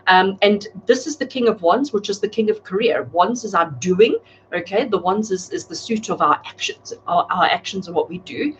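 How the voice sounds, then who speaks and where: A woman's voice: mid-range voice, animated, moderate pace, lo-fi sound, a little hiss or hum. A woman giving tarot readings on a live stream, talking chattily and addressing viewers by name. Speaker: tarot reader. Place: home, speaking live to a camera.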